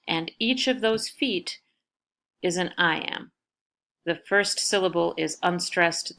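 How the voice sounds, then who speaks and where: A woman's voice: on the low side, vocal fry, a bit bright. A woman teacher giving a recorded lecture over slides, explaining patiently with frequent fillers.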